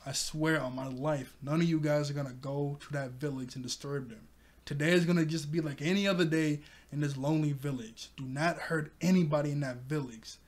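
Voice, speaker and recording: A man voicing a cowardly but stubborn young male sniper from a cartoon, speaking low and earnest. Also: steady tone, a little fast, lightly acted. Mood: desperate resolve.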